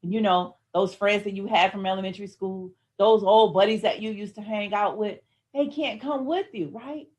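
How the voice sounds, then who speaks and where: A woman giving a motivational talk, building emphatic repeated phrases that swing from soft to loud. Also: medium pitch, moderate pace. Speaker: motivational speaker.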